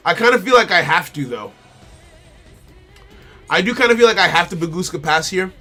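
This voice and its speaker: A man's voice: sits high, expressive, brisk, bright, forceful tone. A man streaming a card game, thinking aloud in casual commentary, repeating phrases to himself and talking to his opponent and chat. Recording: faint music behind the voice.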